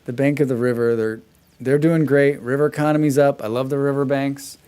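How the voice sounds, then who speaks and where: With a medium-pitched, steady voice that is dark, clear and resonant, a game streamer talks fairly quickly. He keeps the chat casual during his livestream and drops in sarcastic jokes.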